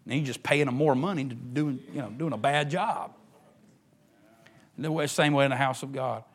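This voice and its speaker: A middle-aged man, preaching a sermon as pastor, swinging between emphatic rises and hushed near-whispers. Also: medium pitch, moderate pace.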